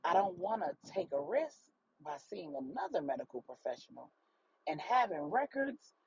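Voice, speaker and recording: A worried woman who has been hiding for months, as a storyteller puts her on, talking in a hushed, shaken way. Her lines sit a little lower and softer than the narration. The recording is slightly muffled, with a faint hum of room ambience behind it. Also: big pitch swings, moderate pace, vocal fry. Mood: anxious. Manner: quiet, shaken, tearful. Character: distressed woman, a mother in hiding.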